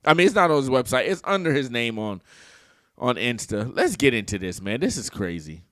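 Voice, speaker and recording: A man giving casual vlog commentary, animated and laughing often as he reacts to a clip. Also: medium pitch, fairly quick. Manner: animated, laughs often, talks back at clips.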